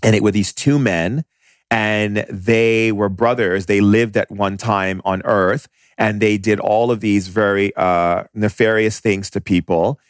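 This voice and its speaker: A man speaking as a podcast guest, telling stories bluntly and animatedly, in quick bursts with restarts. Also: fairly low pitch, fairly even intonation, no echo, clean studio sound. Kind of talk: casual storytelling.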